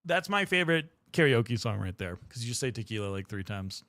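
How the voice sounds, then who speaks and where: A man's voice: medium pitch, sing-song, brisk, fairly bright tone, no room sound. A young man chatting casually on a livestream while painting miniatures, rambling and swearing freely as he talks to his viewers. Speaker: streamer.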